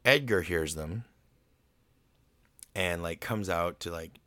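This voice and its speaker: A man's voice: deep voice, slow pace, sharp tone, dry recording. A man casually recapping a film plot, rambling with lots of fillers and swearing freely, on a desk microphone.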